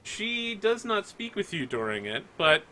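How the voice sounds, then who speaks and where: A man's voice: high-pitched, very animated, measured pace, crowd noise. A man narrating a tabletop game as game master in a casual, chatty way. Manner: casual, chatty, many fillers.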